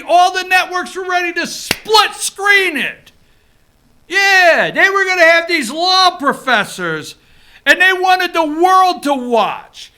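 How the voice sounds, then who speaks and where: A man's voice: very high voice, sharp tone. A man hosting an opinion show, ranting brashly in political commentary from an office and mimicking other voices. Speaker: talk show host.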